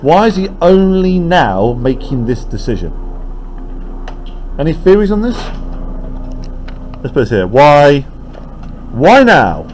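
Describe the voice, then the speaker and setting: A man's voice: fairly high pitch, big pitch swings, slow, pauses often, darkish tone, slight background noise. A man teaching a class, explaining lines of a play and often checking in with "right?".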